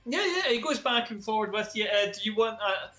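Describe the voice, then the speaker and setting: Bright, high-voiced male game master. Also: soft background music. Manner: relaxed, quick to laugh. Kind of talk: narrating a tabletop game.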